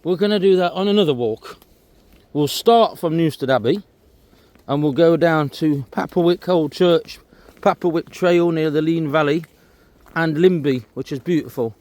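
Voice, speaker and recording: A male walking vlogger talks casually to camera on a disused railway trail, pointing out what he sees. His fairly high voice is a little mellow, moves at normal speed, and has no echo.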